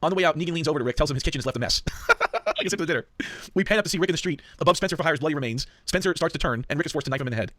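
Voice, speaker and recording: Male host, rapid casual recapper, dry close sound. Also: fairly high pitch, dry recording. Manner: lively storyteller, acts out lines with laughs. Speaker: podcast host.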